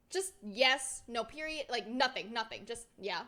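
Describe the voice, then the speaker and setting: A young woman streamer chatting casually and telling a rambling, excitable story, her voice swinging between loud and soft. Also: fairly high pitch, normal speed, hardly any pauses. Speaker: VTuber streamer.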